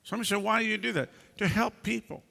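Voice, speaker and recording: A man preaching from the pulpit in a high, gravelly voice that carries a sharp, forceful edge. He is blunt and emphatic, scolding his listeners in sudden bursts. His words ring out with a long reverb through a big church hall. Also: fast. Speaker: pastor. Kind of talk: preaching a sermon.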